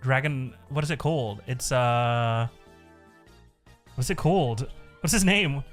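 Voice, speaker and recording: A man's voice: medium pitch, slow, faint music behind. A man streaming live, chatting casually in a rambling way, swearing a lot and laughing often.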